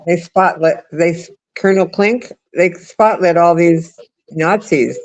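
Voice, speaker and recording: A man hosts a casual livestream chat, his voice sitting a little high. He laughs often and keeps restarting his sentences. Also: measured pace, lo-fi sound. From United States. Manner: chatty, laughing, many restarts. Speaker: livestream host.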